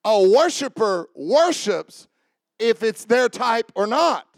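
A man delivers a sermon in a strikingly high voice. He hammers repeated lines and swings from shouted exhortation to hushed, confiding asides. The sound is close and dry. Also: very animated, slow, vocal fry, dry recording. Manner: repetitive call-and-response preaching. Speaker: preacher.

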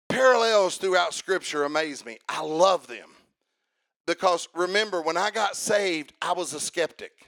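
Man, preacher, high voice, gravelly, shouting sing-song sermon, call-and-response. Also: expressive, a little slow. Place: church.

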